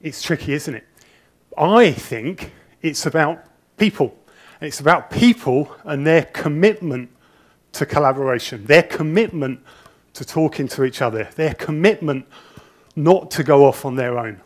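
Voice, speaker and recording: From an auditorium stage, a man with a slightly higher-than-typical male register gives a conference presentation into a handheld mic. A little nervous, slow and animated, he tells chatty, self-deprecating anecdotes and often restarts his sentences.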